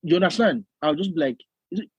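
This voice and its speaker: A man with a Nigerian accent, co-hosting a podcast and telling stories in animated casual chat, laughing often and slipping into Nigerian slang. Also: a little high, fast talker, husky, dry recording, poor audio. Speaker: podcast co-host.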